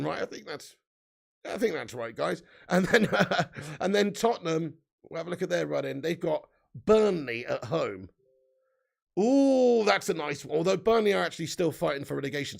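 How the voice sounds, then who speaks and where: A man's voice: fairly high pitch, lively intonation, fairly quick, gravelly. A man hosting a casual live football stream, chatting, reading the live chat aloud and laughing often.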